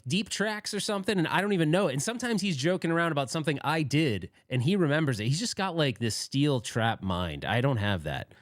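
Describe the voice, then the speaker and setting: Reading viewer comments on his casual livestream, this host rambles, pokes fun at himself, and laughs a lot. His mid-range voice comes through at studio quality with no room sound.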